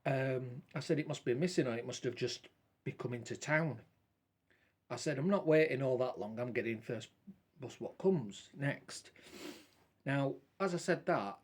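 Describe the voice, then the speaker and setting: A man's voice: mid-range voice, a little mellow, breathy edge. A man telling a long rambling story in casual talk, quoting what he and others said. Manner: rambling, colloquial, repeats quoted dialogue with "I says". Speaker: vlogger.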